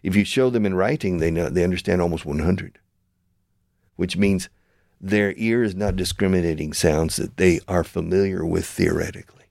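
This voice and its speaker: An older man who founded a language school hosts his own show, explaining a point in an emphatic, lecturing way and frequently restarting mid-sentence. The talk mixes conversational interview with teacherly explanation. His voice is deep, gravelly, and a little mellow at normal speed, recorded cleanly in a studio with no room sound.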